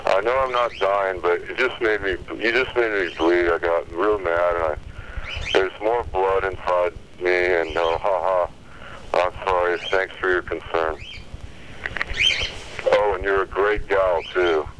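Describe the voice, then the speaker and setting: A man's voice: deep voice, steady tone, a little slow, a bit bright, a little hiss or hum, poor audio. A man leaving aggrieved, self-pitying, rambling messages on an answering machine.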